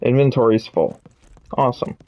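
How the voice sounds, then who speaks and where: A man's voice: mid-range voice, expressive, normal speed, lo-fi sound. A man streaming a video game, reading items aloud and muttering to himself as he explores. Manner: muttering item names to himself while exploring. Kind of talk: casual gameplay commentary.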